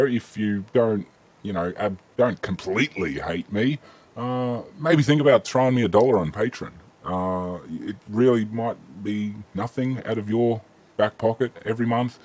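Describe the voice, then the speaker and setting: A man's voice: fairly low pitch, darkish tone. An Australian man hosting a casual live-stream Q&A, chatting easily and reading viewer questions aloud with frequent ums.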